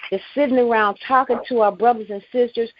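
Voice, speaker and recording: Excited woman caller with a high voice, gushing story, muffled lo-fi phone line. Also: fast talker, slight background noise. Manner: excited, gushing, repeats herself. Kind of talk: excited call-in chat.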